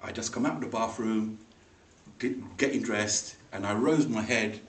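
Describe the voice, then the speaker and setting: A man giving a humorous personal story as a speech, animated and acting out the people in it. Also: lowish voice, normal speed. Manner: animated, acts out voices in the story, laughs along. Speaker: speaker at a speaking club. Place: meeting room. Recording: echoey room, mic far off, faint noise.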